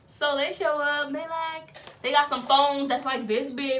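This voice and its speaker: A woman's voice: high-pitched, unhurried, hardly any pauses, recorded from a distance. A young woman, telling a story casually as a vlogger and acting out the voices of the people in it. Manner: animated, acts out voices of relatives and nurses.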